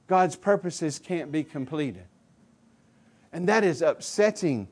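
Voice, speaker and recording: A male pastor preaching a sermon, swinging between loud emphatic declarations and low quiet asides. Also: animated, slow pace, long pauses, breathy edge.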